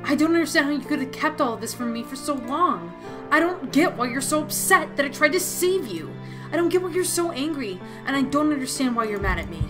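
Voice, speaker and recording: A woman's voice: mid-range voice, lively intonation, a little slow, few pauses, close to an everyday voice. Woman reading an exasperated young protagonist. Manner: raised, exasperated. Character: frustrated young protagonist, hurt and angry. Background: game music.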